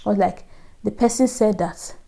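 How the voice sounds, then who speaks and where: A Nigerian woman vlogger telling a personal story in a lively, animated way, acting out the voices she quotes. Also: mid-range voice, moderate pace, creaky. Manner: animated, acts out quoted voices, frequent laughs. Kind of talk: casual storytelling.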